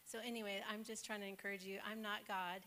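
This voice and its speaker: A woman speaks at an everyday pitch in an informal devotional talk, encouraging and chatty, often pausing on fillers. A faint hiss sits behind her voice. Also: little pitch movement. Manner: warm, encouraging, conversational, with many fillers.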